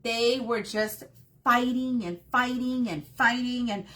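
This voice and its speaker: A woman's voice: a little high, takes it slowly, a bit bright. A woman hosting a live craft tutorial on her phone, chatting and greeting viewers by name between steps. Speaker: craft workshop host.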